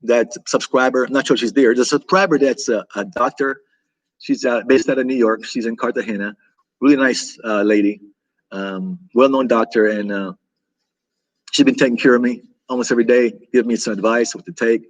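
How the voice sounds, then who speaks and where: A man's voice: medium pitch, steady tone, brisk, poor audio. A tired man from the United States, recovering from illness, chatting casually on a livestream in a rambling, repetitive way. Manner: rambling and repetitive, with many restarts and fillers. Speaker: travel vlogger hosting a livestream.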